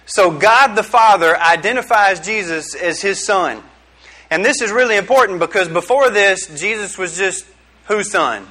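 A middle-aged man preaches to a small group in a loose, joking way. He keeps firing questions back at his listeners. His voice sits a little high and rings bright and forceful. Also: unhurried. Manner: joking, chatty, quizzes the audience. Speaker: youth pastor. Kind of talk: casual youth sermon.

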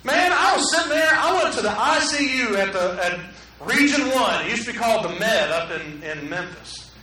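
A middle-aged man, preaching a sermon to a room, swinging from hushed to loud. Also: very high voice, very animated, normal speed, echoey room, far from the mic, rough recording. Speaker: pastor. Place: room with an audience.

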